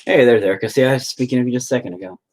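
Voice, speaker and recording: A man's voice: mid-range voice, very fast, a little mellow. A man streaming himself painting, rambling to himself and swearing nonstop in casual, self-critical commentary. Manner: talks to himself while working. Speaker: painter streaming his work.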